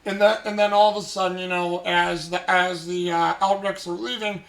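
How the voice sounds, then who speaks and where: A man's voice: sits high, flat delivery, normal speed, creaky, fairly bright tone. Rambling man recapping an anime, echoey room. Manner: rambling, many fillers and restarts. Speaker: podcast host. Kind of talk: casual anime recap chat. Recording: roomy echo.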